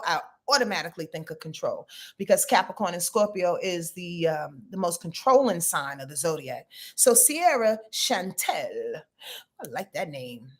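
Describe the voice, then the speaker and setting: A woman in her fifties hosting a casual astrology livestream from her bed, sleepy and chatty, talking straight to her viewers in loose slang. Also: mid-range voice. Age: 50s. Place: lying in her bed at home.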